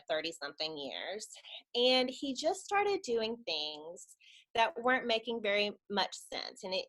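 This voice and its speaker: A woman's voice: medium pitch, sharp tone. A woman, giving a chatty personal testimony at a church webinar and laughing often as she tells it.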